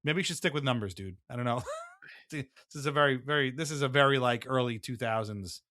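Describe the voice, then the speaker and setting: A man co-hosting a casual sports podcast, talking in an animated way with quick asides and frequent laughs. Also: mid-range voice, no echo, studio quality. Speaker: podcast co-host.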